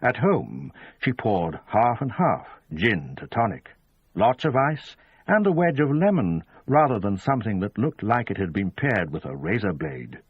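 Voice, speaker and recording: A man giving measured, scripted narration of an audiobook, in dull lo-fi audio. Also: lowish voice, big pitch swings, breathy edge. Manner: measured storytelling.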